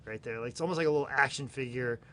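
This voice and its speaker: A man in his forties hosting a live online auction, chatting in a rambling, excitable way and stumbling over his words. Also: medium pitch, racing, a little hiss or hum. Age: 40s. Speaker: host and auctioneer. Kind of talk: casual live-stream chat.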